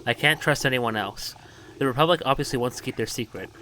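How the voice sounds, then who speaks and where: A man's voice: medium pitch, fast talker, bright, forceful tone, a little hiss or hum, lightly acted, poor audio. A man reading the lines of a formal, worried male alien official in his own voice. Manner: formal, earnest.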